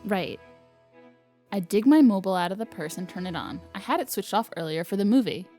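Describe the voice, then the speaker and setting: A woman's voice: mid-range voice, animated, brisk, warm tone, soft background music. A woman reading a visual novel aloud for a let's play, narrating evenly in first person. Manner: reads narration evenly, laughs between lines. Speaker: let's player.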